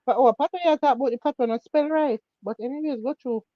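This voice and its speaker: A Jamaican woman chats on a livestream and fires off questions in a patois-laced voice. Her voice sits a little high. The sound is dull and dry, with no room in it. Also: fast, no echo. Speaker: livestream host. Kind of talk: casual online chat.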